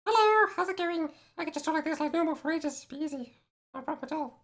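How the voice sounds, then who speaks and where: A squeaky, very high falsetto voice for a chatty, silly guy, as a man puts it on for a stream. it rambles on breezily in an exaggerated cartoonish way, bouncing up and down in pitch. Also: lively intonation, fast, a bit bright, full character voice. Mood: breezy.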